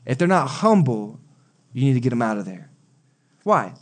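A man's voice: mid-range voice, big pitch swings, moderate pace. Young guy preaching, chatty, tells stories, asks the crowd stuff. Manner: conversational storytelling with asides to the congregation. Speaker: pastor. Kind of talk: sermon.

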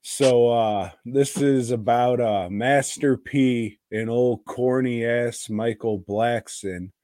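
A man's voice: mid-range voice, steady tone, slow pace, mellow, dry recording. A man co-hosting a podcast in casual chat, rambling and teasing with crude language. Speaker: podcast co-host.

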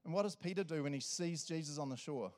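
A man's voice: a little high, fast. A man with a New Zealand accent, a pastor giving a casual, jokey sermon full of asides to the congregation. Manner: jokey, energetic, chatty with frequent asides to the congregation. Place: church service.

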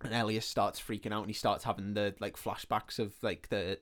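A man co-hosting a podcast, casually retelling a film plot in an animated way and quoting the characters as he goes. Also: fairly low pitch, fairly quick. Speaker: podcast co-host. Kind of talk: casual film recap chat.

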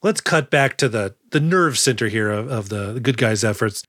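A man's voice: medium pitch, expressive, moderate pace, fairly bright tone, no echo, studio quality. A man co-hosting a podcast in casual chat, recapping film scenes with crude jokes. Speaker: podcast co-host.

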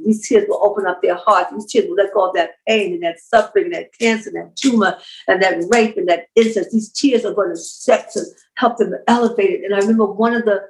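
A woman in a podcast interview shares her personal story with deep feeling. She speaks at a middle pitch and leans on repeated phrases for emphasis, telling it earnestly and with conviction. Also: low-quality recording. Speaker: holistic healer and author, podcast guest.

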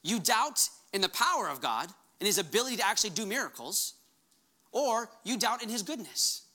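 A man's voice: sits high, big pitch swings, fairly quick, sharp tone. A pastor preaching a sermon to his congregation, impassioned, raising his voice when he quotes commands. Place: church hall before a congregation.

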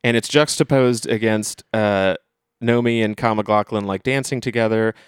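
A man's voice: on the low side, normal speed, clean tone, dry recording, clean studio sound. A man casually retelling a film plot, rambling, swearing freely and acting out the characters' lines. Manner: rambling storyteller, swears freely, acts out quotes. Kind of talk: casual film recap chat.

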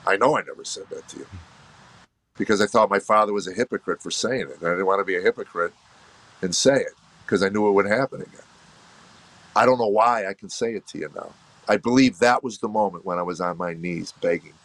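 A middle-aged man, a comedian, telling his personal story in an earnest, reflective way, halting and restarting. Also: fairly low pitch, fairly bright tone. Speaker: comedian guest.

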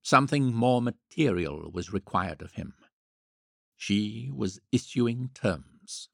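A man reading a novel aloud in a wry, measured storytelling manner. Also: on the low side, lively intonation, gravelly, dry recording, studio quality. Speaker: audiobook narrator. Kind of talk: scripted narration.

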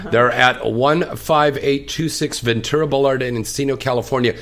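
A man's voice: mid-range voice, moderate pace. A man hosting a live talk show, chatting eagerly and plugging a sponsor. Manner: animated, eager host who keeps plugging. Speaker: show host. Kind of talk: lively live talk show with on-air food plugs.

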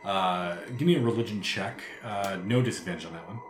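A man running a tabletop game as game master, narrating in a relaxed way with many fillers. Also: lowish voice, fairly quick, echoey room, very noisy.

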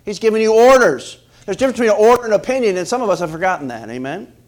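Man preaching a sermon, middle-aged, fairly high voice, animated, questions to the congregation. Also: racing. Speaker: pastor.

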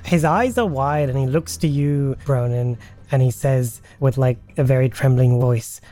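Relaxed man narrating a tabletop game. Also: mid-range voice, normal speed, faint music behind. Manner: relaxed, chatty narration with frequent laughs. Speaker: game master.

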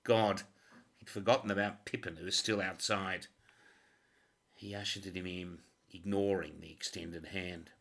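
A man reading a crime novel as scripted audiobook narration, measured and dramatic. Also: low-pitched, fairly even intonation, a bit bright.

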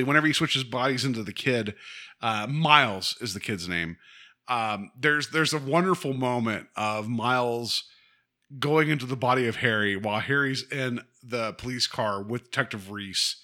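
Bright-voiced man chatting about TV. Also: medium pitch, normal speed. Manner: animated, laughs often, acts out quoted lines. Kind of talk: casual TV episode discussion.

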